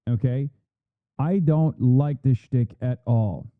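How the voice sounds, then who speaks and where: A man's voice: medium pitch, takes it slowly, no echo. A man streaming live, commenting bluntly in a heated, profane way. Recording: phone-like thin audio, dry.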